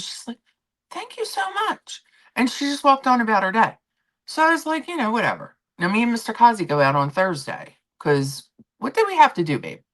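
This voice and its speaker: A woman's voice: medium pitch, a bit bright. A middle-aged woman hosting a casual stream, chatting and telling a story with acted-out quotes. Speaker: stream host. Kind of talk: casual chat.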